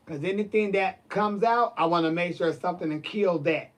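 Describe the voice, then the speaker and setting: A man's voice: high voice, moderate pace. A man ranting in a casual monologue, sassy and emphatic, with plenty of swearing and terms of address like "baby" and "honey". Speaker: vlogger.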